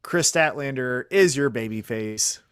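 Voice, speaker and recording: A man co-hosting a casual wrestling talk show, lively and acting out quotes while pitching storylines. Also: unhurried, clean tone, no room sound, clean studio sound. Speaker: podcast co-host. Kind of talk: casual chat.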